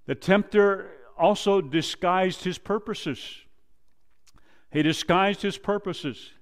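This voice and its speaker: Pastor guy preaching real slow, goes loud then drops way quiet, acts out the bible dialogue. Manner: preaches slowly, rises loud then drops to a low hush; quotes scripture and acts out dialogue. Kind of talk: sermon.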